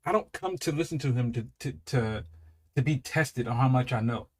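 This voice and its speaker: A man in his thirties giving casual reaction commentary, animated and profane, laughing often and drawing out his exclamations. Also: mid-range voice, normal speed. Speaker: reaction video host.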